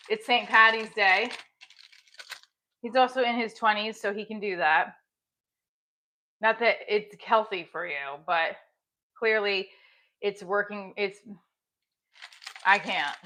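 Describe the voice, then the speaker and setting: Slow, chatty woman working out on a livestream. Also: a little high, sharp tone, slight background noise. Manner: chatty, talks while exercising, with small effortful grunts. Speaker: livestream host. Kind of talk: casual livestream chat.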